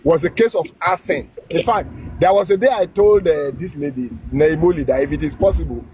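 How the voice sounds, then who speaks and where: A man's voice: on the high side, a little fast, warm tone, a faint crowd. A man from Africa talking as a panelist in a casual group chat, often repeating words and restarting. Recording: clear background noise.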